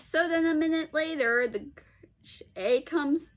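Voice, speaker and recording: A woman's voice: sits high, a little slow. A woman vlogger telling a personal story in a casual, rambling way, full of restarts, sighs and exasperated "ugh"s.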